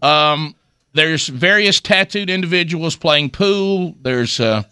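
A man, hosting talk radio and telling a funny story, animated and self-mocking. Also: a little high, slow, clean tone, no echo.

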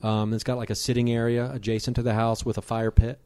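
A man who is a podcast guest, telling a rambling, animated story in casual conversation, with many fillers. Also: mid-range voice, fast talker, smooth, no echo, studio quality.

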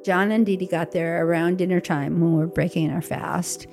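A woman's voice: lowish voice, steady tone, moderate pace, darkish tone, faint music behind. An older woman telling a personal story in a conversational way, acting out remembered dialogue. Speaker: interview guest.

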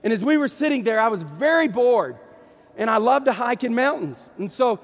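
A middle-aged man, a Baptist pastor from East Texas with a Texan accent, telling a story in a folksy, animated sermon. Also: very high voice, moderate pace. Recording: long hall reverb.

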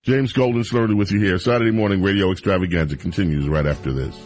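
A man with a Southern American accent hosting a call-in radio show, moving callers along quickly. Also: low voice, a little mellow, soft background music. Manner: brisk, urging callers to be quick. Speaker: radio talk show host.

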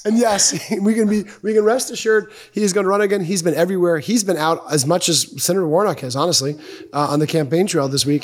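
A male radio host chatting about politics with his co-host. His talk is relaxed and conversational, with an easy laugh. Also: a little high.

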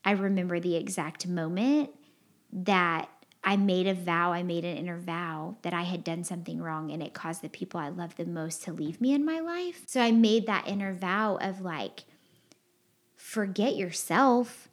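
A woman's voice: on the low side, normal speed. Earnest, rambling woman podcast host. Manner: earnest, rambling, heartfelt, with frequent fillers. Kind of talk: candid confessional podcast chat.

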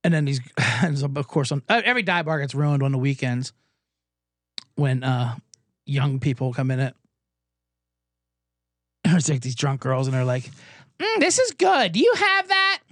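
A hoarse man hosting a comedic sports betting podcast, ranting in a sarcastic, profane way. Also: mid-range voice, steady tone, moderate pace, long pauses, no room sound, studio quality. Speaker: host.

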